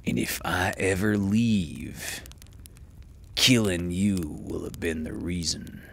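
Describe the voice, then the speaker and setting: Man voicing a hushed menacing young gunman, deep and drawn out, quiet threat. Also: gravelly, slight background noise, full character voice. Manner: slow, quiet threatening delivery. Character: cold menacing young male gunslinger.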